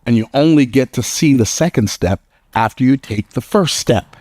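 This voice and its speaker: In a dry, clean studio recording, this motivational speaker has a medium-pitched, darkish voice with lively intonation at a moderate pace. He tells stories to a live audience in an emphatic, conversational style, chuckling at his own lines.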